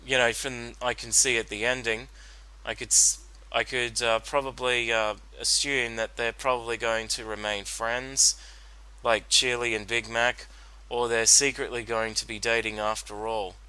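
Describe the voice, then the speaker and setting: A man's voice: medium pitch, level tone, moderate pace, sharp tone, clear, resonant tone, poor audio. A man giving a solo commentary on a cartoon episode, rambling with many fillers and restarts. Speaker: reaction commentator.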